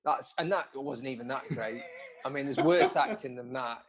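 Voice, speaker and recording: A man's voice: medium pitch, moderate pace. Male podcast co-host, wry and mocking, laughs easily. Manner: laughing, sarcastic, mocking the film. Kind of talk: casual chat about a film.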